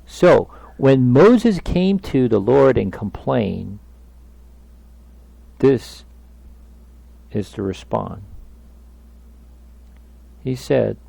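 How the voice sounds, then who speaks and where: Male Bible study teacher, emphatic and questioning, unhurried delivery with lively pitch. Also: creaky, no echo. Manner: emphatic, asks the listeners questions.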